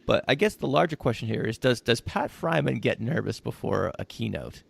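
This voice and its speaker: A man's voice: mid-range voice, animated, normal speed, gravelly, breathy edge, dry recording. A man hosting a podcast, asking casual questions with hesitant restarts and many fillers. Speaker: podcast host.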